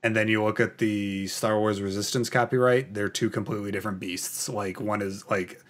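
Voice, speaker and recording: Rambling Canadian man, low voice. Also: fairly even intonation, moderate pace. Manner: rambling, filler-heavy, enthusiastic fan talk. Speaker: podcast host. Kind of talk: casual chat, reading viewer comments.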